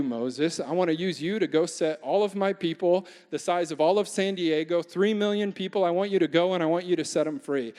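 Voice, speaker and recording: A man preaching from the pulpit, his voice sitting a little high for a man. He builds from hushed earnestness to rousing, fervent declarations, and his words ring with the long reverb of a church hall. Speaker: guest pastor. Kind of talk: sermon. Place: church sanctuary.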